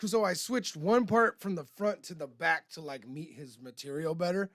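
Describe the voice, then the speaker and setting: A man's voice: on the high side, moderate pace, fairly bright tone, no echo, studio quality. A man co-hosting a podcast, talking in loose, profane, rambling chat with many restarts. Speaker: podcast co-host. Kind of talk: casual chat.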